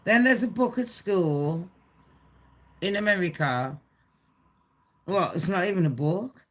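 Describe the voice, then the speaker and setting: A woman's voice: on the low side, animated, slow pace. A woman hosting a live gossip stream, chatting in a blunt, rambling way with heavy swearing.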